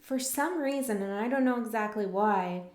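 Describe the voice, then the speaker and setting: A woman with a fairly high voice and darkish tone, speaking at normal speed, gives a tarot reading as a casual spiritual monologue. She rambles reflectively with many fillers and restarts, and the sound is reverberant.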